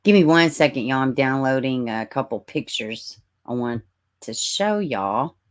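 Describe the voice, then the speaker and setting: A woman's voice: rumbling low, lively intonation, measured pace. A woman from Middle Tennessee with a Southern accent, chatting casually on a livestream, greeting viewers as honey and baby and reading their comments. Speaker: true-crime livestream host.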